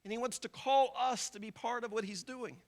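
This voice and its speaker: A visiting pastor with a very high-pitched voice delivers a sermon a little fast, his intonation fairly even. He preaches conversationally, acting out the inner voices and thoughts of everyday people.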